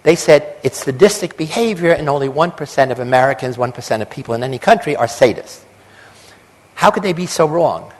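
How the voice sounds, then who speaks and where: A man's voice: medium pitch, lively intonation, fairly quick, rough recording. An older man, a psychologist, giving a public lecture with emphatic lists and acted-out quotes.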